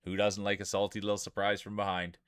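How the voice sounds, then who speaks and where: A man with a fairly low, smooth and resonant voice calls the action like a sports commentator, playful and excitable as he hypes up players and cracks jokes. The sound is close and dry, with no room around it. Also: fast, no room sound. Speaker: streamer and game commentator.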